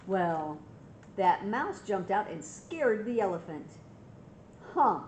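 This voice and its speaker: An older woman reading a picture book aloud to children, pausing to ask them gentle questions. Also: mid-range voice, very animated, slight background noise, rough recording. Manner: gentle, asks young listeners questions.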